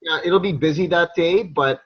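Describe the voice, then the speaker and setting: A man chiming in during an event briefing, starting haltingly and repeating words as he finds them. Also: fairly high pitch, husky. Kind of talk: casual chat. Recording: dull, muffled sound.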